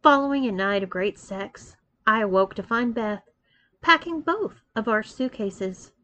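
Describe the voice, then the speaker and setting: A woman reads a first-person story aloud in an expressive way, weaving narration between the dialogue. Her voice sits a touch higher than most women's. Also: a little slow. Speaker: story reader.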